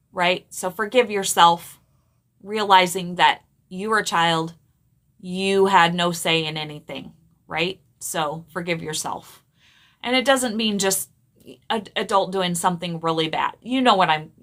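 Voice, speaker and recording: A woman's voice: fairly low pitch, a bit bright. Earnest middle-aged woman, conversational. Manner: conversational, earnest, with frequent tag questions. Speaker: spiritual speaker. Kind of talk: casual motivational talk.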